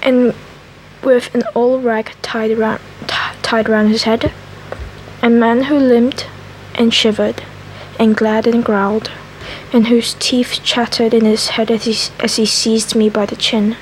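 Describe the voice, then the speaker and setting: Woman ASMR reader, raspy scraggly voice, very slow, somewhat high, self-correcting. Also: flat delivery, slight background noise, rough recording. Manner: slow, careful reading with frequent self-corrections. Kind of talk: soft ASMR book reading.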